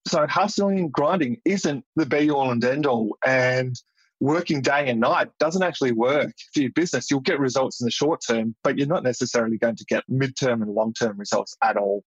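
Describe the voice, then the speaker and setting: A man's voice: mid-range voice, normal speed, breathy edge, dry recording, dull audio. A man from Melbourne with an Australian accent, speaking as a guest on a podcast in an earnest, direct way. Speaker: guest, business consultant. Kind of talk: casual interview chat.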